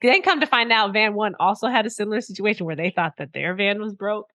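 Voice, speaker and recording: Speaking quickly in a medium-pitched, slightly bright voice, a young woman tells a story while co-hosting a casual podcast. She performs the quotes and curses without holding back.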